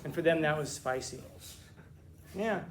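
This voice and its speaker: A man teaching a classroom lecture, telling funny stories with quick asides and teasing his students. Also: fairly high pitch, a crowd in the background. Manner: joking, animated storytelling with quick asides.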